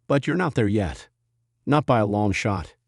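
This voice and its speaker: A man's voice: on the low side, lively intonation, moderate pace, dry recording, studio quality. A man reading as a condescending veteran male wrestler. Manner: condescending, lecturing.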